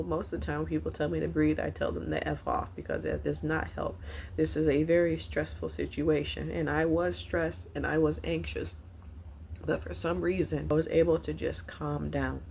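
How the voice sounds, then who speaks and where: A woman vlogger telling a personal story to the camera, candid and halting, with many fillers, at times choked up. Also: sits low, gravelly, a little mellow, slight background noise. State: choked up, near tears.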